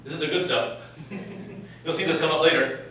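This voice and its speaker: A man's voice: fairly high pitch, normal speed, a bit bright. A young man from California, a doctor speaking to medical students at a live event, joking and chuckling often, recorded from far off in a lecture hall. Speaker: physician and medical educator.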